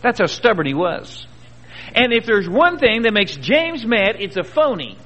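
High-voiced preacher in an echoing hall. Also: male voice, very animated, unhurried, fairly bright tone. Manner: folksy, earnest preaching with rhetorical questions and homespun stories. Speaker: pastor. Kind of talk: sermon. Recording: dull old recording in a reverberant hall.

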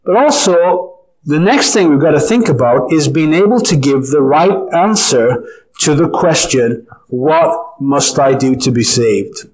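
An earnest male preacher delivers his sermon with weight, leaning on key phrases and drawing them out slowly. His voice sits a little high for a man. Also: lively intonation, a little mellow, low-quality recording.

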